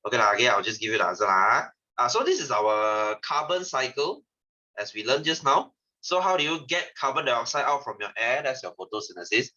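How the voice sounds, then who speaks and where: A man's voice: medium pitch, expressive, unhurried, pauses often, sharp tone. Chatty Malaysian man tutoring science. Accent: Malaysian English. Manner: chatty, rambling, laughs often. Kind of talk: casual online lesson. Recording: slightly dull lo-fi audio.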